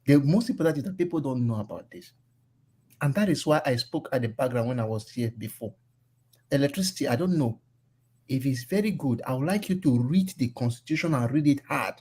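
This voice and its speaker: Husky Nigerian man, earnest. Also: mid-range voice, animated, fairly quick, a little mellow. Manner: earnest, persuasive, mixes pidgin. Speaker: call-in participant. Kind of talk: casual online group discussion.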